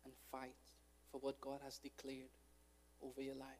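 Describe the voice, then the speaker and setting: A man preaching a fervent sermon as a pastor, building from calm urging to loud, impassioned exhortation. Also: medium pitch, moderate pace, slight background noise. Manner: fervent preaching, rising to shouts.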